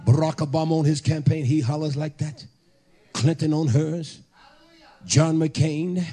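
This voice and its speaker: A man preaching a fiery sermon to a congregation, hollering and emphatic, with bursts of shouting. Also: a little high, fairly even intonation, a little slow.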